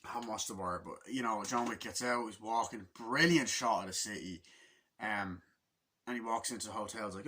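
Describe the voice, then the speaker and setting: A man's voice: on the low side, fairly quick, sharp tone. A man giving a casual, rambling movie review, swearing constantly and acting out scenes in quoted voices.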